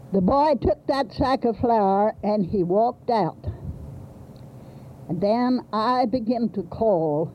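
A woman telling of her days as a midwife, in a plainspoken, earnest way, often pausing with an "uh". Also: medium pitch. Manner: homespun, plainspoken, earnest, pauses with frequent uh. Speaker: midwife telling a life story. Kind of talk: plain spoken storytelling. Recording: dull faintly hissy old archival recording.

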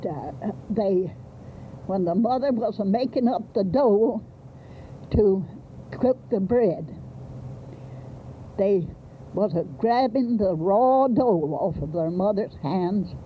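Slow-talking woman storyteller. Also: mid-range voice. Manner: homespun, plainspoken, earnest, pauses with frequent uh. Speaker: midwife telling a life story. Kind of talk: plain spoken storytelling. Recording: dull faintly hissy old archival recording.

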